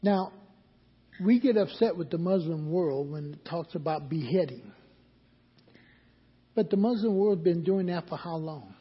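Male preacher, high husky voice, slow deliberate sermon, dull recording with long hall reverb. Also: animated. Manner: call-and-response questions to the congregation.

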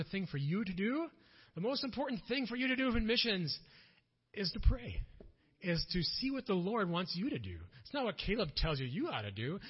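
With a high-pitched, slightly rough voice, a missionary gives a storytelling talk at a church conference about his work. He's animated, loudly acting out the people he quotes, and the church PA recording sounds dull and lo-fi.

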